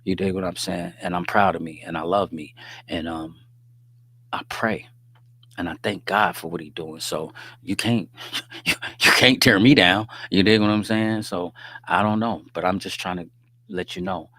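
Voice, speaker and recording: This livestream host has a low, bright-ish voice with fairly even intonation and a moderate pace. Over a livestream mic he preaches about faith in a loose, chatty way, dropping street slang and jokes and often asking "you dig what I'm saying."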